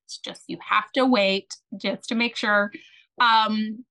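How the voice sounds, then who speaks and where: Bright, chatty woman podcast guest. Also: medium pitch, slow. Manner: chatty and animated, with many fillers and restarts. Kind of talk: casual storytelling.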